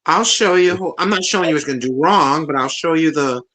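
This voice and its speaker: A middle-aged woman hosts a live stream and talks in a chatty, animated way, laughing as she tells stories. Her voice is bright and forceful and sits a little low. She sounds like she is having an easy conversation with a friend. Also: fairly quick. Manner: chatty, animated storyteller who laughs often. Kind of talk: casual live stream chat.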